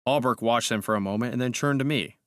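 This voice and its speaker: A man reads a gothic tale in an even, measured way, his voice sitting in the middle of the usual male range. The sound is close and dry, with no room around it. His speech tags fall low and soft. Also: dry recording. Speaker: audiobook reader, guest host. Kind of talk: storybook narration.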